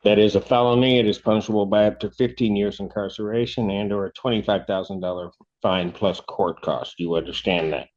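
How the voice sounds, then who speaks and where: A man serves as judge at an arraignment, reading the charges in a formal, measured way and patiently repeating his questions. His voice sits on the low side. The courtroom sound is muffled and dull. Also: steady tone, a little mellow.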